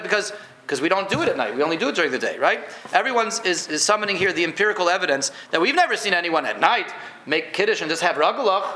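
Bright-voiced man teaching a Torah class. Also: sits high. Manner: conversational, repeats words, quizzes listeners. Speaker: rabbi teaching Jewish law. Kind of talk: informal halacha class. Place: room with a live audience.

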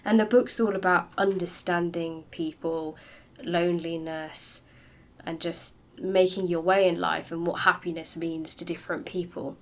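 A woman's voice: fairly low pitch, unhurried. Enthusiastic woman podcast co-host. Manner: animated, enthusiastic, laughs easily. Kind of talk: casual book chat.

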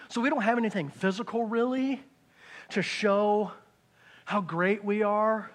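A man preaching a conversational sermon, dropping into hushed asides and rising into loud excited bursts. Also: sits high, unhurried. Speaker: pastor.

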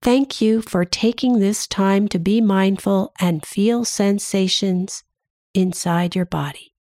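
A woman leading a gentle mindfulness lesson for children, asking soothing questions in a sing-song way. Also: mid-range voice, unhurried, dry recording. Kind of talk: guided mindfulness lesson for kids.

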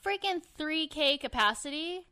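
A woman co-hosting a podcast in casual chat, chatty and quick with asides, swearing now and then. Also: high voice, lively intonation, bright, forceful tone, no room sound, clean studio sound. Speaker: podcast co-host. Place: LA area.

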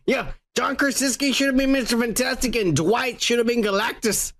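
A man's voice: very high-pitched, moderate pace, a bit bright. A man hosting a podcast in profane, blunt, joking casual chat. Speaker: podcast host.

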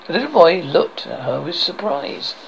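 A man, a horror host, reading a fairy tale aloud with expressive delivery, stumbling and correcting words. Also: fairly high pitch, normal speed, gravelly, highs cut off, slight background noise. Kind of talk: storybook reading.

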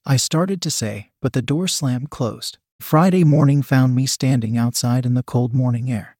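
A man's voice: medium pitch, normal speed, hardly any pauses, a little mellow, no room sound, studio quality. A man reading a first-person story aloud in a casual, wry storytelling manner. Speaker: narrator.

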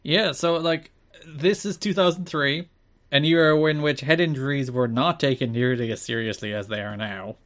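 Man recapping wrestling shows, deadpan. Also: mid-range voice, normal speed. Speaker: podcast co-host. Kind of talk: casual wrestling podcast chat.

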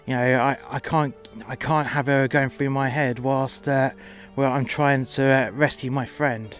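A man's voice: medium pitch, steady tone, a little slow, faint music behind. A man narrating a first-person sci-fi story in a casual, sweary, rambling way.

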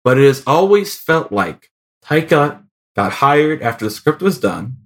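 A young man co-hosting a podcast with a fairly high voice. He talks casually and with energy, and often acts out lines in put-on voices as he goes. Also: very animated, unhurried. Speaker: podcast co-host.

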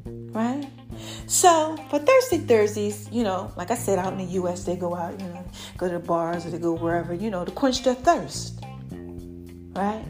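A woman's voice: on the low side, moderate pace, faint music behind. A woman from the United States hosting her own podcast, talking casually and animatedly to her listeners. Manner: chatty and animated, addresses listeners as y'all. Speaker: podcast host. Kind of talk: casual solo podcast talk.

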